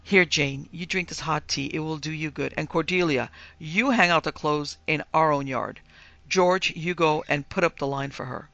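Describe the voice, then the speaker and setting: A narrator puts on a stubborn middle-aged father who refuses to believe in anything strange. His voice is low and gravelly, with a bright, forceful edge. He sounds firm and dismissive. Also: normal speed.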